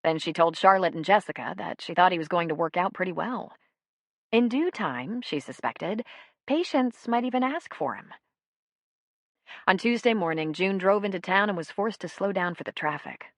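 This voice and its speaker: A woman reading an audiobook in steady, even scripted narration. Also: lowish voice, moderate pace, no echo, clean studio sound.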